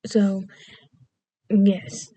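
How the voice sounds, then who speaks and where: Young woman rambling goofily, mellow. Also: medium pitch, little pitch movement, very slow. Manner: goofy, self-deprecating, meandering. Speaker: vlogger. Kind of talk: rambling casual chat.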